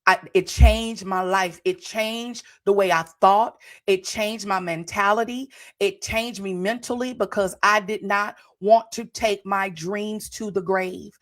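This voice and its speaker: A woman's voice: medium pitch, fairly even intonation, a little slow, hardly any pauses, fairly bright tone. A woman in her forties hosts a podcast, giving a fervent motivational testimony to viewers in a preacher-like way and repeating phrases for emphasis. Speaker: podcast host.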